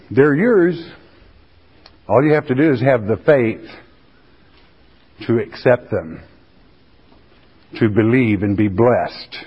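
A man's voice: medium pitch, husky. A man preaching a sermon in a folksy, plain-spoken way, stretching out the scripture he reads for emphasis. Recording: dull recording in a reverberant hall.

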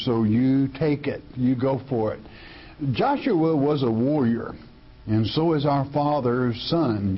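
Husky, emphatic man preaching a folksy sermon. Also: medium pitch, lo-fi sound. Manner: folksy, emphatic, repeats words when restarting.

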